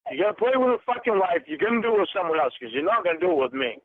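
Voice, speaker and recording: A man's voice: high-pitched, big pitch swings, racing, dry recording. A man in a furious, swearing phone argument, hurling accusations. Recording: tinny phone line.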